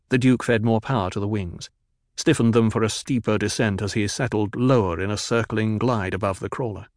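A man narrating a full-cast audio drama in a steady, even storytelling manner. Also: lowish voice, brisk, no echo, clean studio sound.

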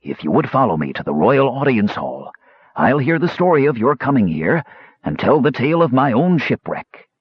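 A man voicing a scrawny, ragged old castaway who calls himself king, with a raspy, eager, nervous manner, in a dull lo-fi audiobook recording. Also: mid-range voice, very animated, normal speed, dry recording, pitched above the performer's own voice. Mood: proud.

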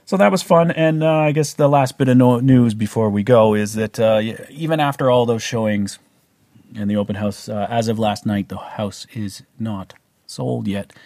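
A man's voice: medium pitch, normal speed, darkish tone, no echo. A middle-aged man with a Canadian accent, telling a personal story in a casual, rambling way with many fillers and restarts. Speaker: vlogger.

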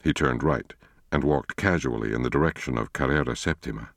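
A man reading a thriller novel aloud as an audiobook narrator, in a measured, steady way. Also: a bass voice, gravelly, dry recording, studio quality. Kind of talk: scripted narration.

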